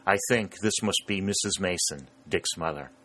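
A man voicing a weary, kindly army lieutenant who speaks quietly and reassuringly in a storybook reading. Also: low-pitched, moderate pace. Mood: gentle.

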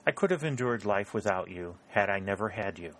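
A man reading aloud voices a small, gentle older spinster who speaks in a quiet, even voice. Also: lowish voice, a little fast, a little hiss or hum, lightly acted. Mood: calm.

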